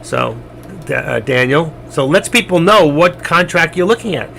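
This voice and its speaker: A man with a gravelly edge to his voice talks loosely and chattily on a live stream as he walks viewers through trades. He rambles, replies to people in the chat, and keeps it informal. A faint hiss sits under the recording. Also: fairly high pitch, animated, normal speed, a bit bright. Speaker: trading live stream host. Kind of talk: casual live trading commentary.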